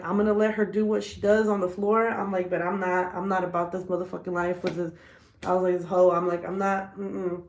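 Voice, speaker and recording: Profane, animated woman with a gravelly voice. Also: on the low side, roomy sound, a little hiss or hum. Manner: profane, animated storytelling, laughs often. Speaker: livestream host. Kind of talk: casual livestream chat.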